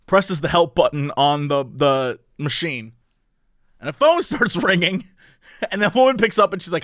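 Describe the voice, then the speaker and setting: A man's voice: sits high, a little slow, long pauses, dry recording, studio quality. A man telling a long story in casual chat, laughing often and acting out the people in it. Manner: animated, laughing often, mimics others in the story.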